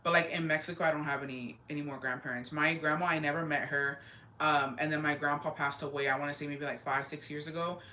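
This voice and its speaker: A woman in her twenties chatting casually on a livestream, slangy and animated, dropping Spanish words into her storytelling. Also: deep voice, fast. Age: 20s. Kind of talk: casual chat.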